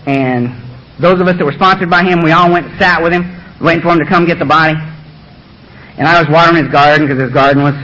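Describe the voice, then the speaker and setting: Middle-aged man, animated storyteller at a recovery meeting, brisk delivery, faint hiss behind. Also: on the high side, lo-fi sound. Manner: animated storytelling with acted-out voices. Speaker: AA speaker. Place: meeting room with audience.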